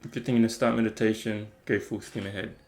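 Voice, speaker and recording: Flat, gravelly-voiced man musing. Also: lowish voice, quick pace. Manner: rambling, thinking aloud with many fillers. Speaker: meditation vlogger. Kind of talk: casual reflective talk.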